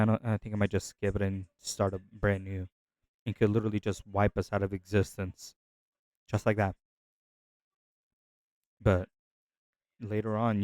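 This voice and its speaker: A man's voice: on the low side, a little mellow, clear, resonant tone, no room sound. A man hosting a Bible reading channel, reflecting in a casual, rambling way with frequent restarts and filler words.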